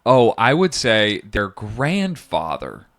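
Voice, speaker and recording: Animated rambling podcast co-host. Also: male voice, lowish voice, slow. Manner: rambling, jokey storyteller. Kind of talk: casual chat. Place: studio.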